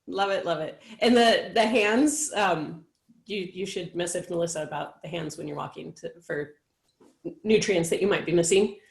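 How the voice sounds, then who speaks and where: A woman hosting a casual live show, chatting encouragingly with frequent pauses and "um"s. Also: fairly low pitch, creaky, reverberant. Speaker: host.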